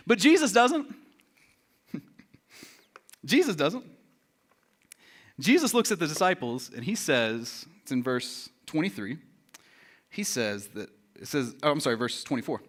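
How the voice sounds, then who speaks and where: A man's voice: a little high, a little slow, pauses often. A man preaching a sermon as pastor, joking and acting out quotes with lots of energy. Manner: animated, joking, acts out quotes. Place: church.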